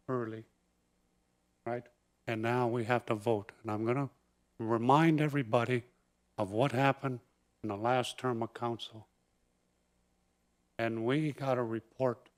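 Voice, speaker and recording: A man town councillor speaking in a council meeting, deliberate and disappointed, in short phrases. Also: medium pitch.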